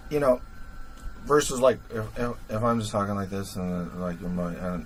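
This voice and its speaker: Speaking at a moderate pace in a lowish voice, a man rambles casually on his livestream while tinkering with equipment. He thinks out loud with lots of fillers and laughs at himself. There's a slight hiss or hum, and the recording is rough.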